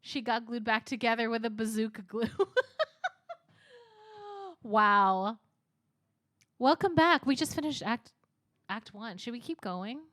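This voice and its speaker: A woman's voice: a little high, unhurried, pauses often, a bit bright, no echo, clean studio sound. A young woman streaming a narrative game, reading its text aloud and reacting with frequent giggles.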